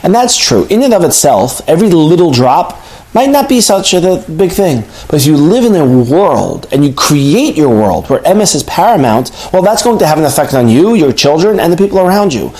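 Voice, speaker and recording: Animated man teaching Torah. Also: a little high, normal speed, low-quality recording. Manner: animated, conversational, rhetorical questions, Hebrew terms. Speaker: rabbi teaching a daily lesson. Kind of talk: casual spoken Torah lesson.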